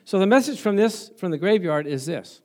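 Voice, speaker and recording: A man's voice: sits high, animated, fairly quick, darkish tone. A male pastor preaching a sermon in a conversational way, asking the congregation rhetorical questions and acting out little stories. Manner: storytelling, acting out remembered exchanges.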